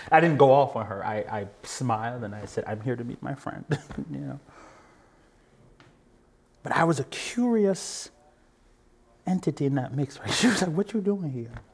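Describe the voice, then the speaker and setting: With a gravelly, mid-range voice, a man speaks unhurriedly and leaves long pauses during a reflective public talk. He's earnest and animated, frequently laughing and checking in with listeners, occasionally hushing to a near-whisper for emphasis.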